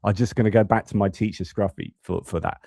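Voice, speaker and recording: A man talks through the news on a live stream in a low, mellow voice, reading an item and then unpacking it off the cuff. He restarts and corrects himself often. The sound is dry and close, with no room around it. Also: steady tone, quick pace, gravelly, no echo. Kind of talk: casual news commentary.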